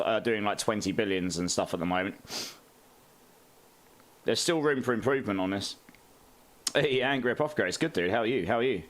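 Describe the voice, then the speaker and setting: A man, chatting casually on a game live stream, greeting viewers and laughing often. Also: on the low side.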